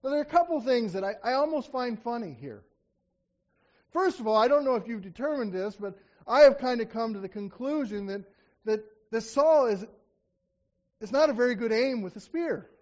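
A man's voice: extremely high pitch, expressive, moderate pace, a little mellow. A man preaching a sermon, reading scripture and explaining it conversationally, acting out the quotes with rising emphasis. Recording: dull lo-fi recording.

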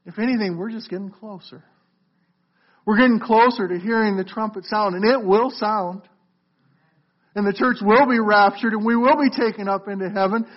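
A man's voice: high voice, normal speed. A man preaching a sermon as a pastor, earnest, calling listeners folks and often repeating words as he restarts. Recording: muffled lo-fi recording.

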